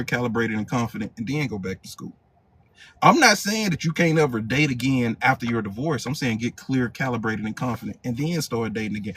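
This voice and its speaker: A man's voice: medium pitch, fairly bright tone, slightly rough. A male hypnotherapy coach leading a live motivational training, emphatic and repetitive, in casual slang.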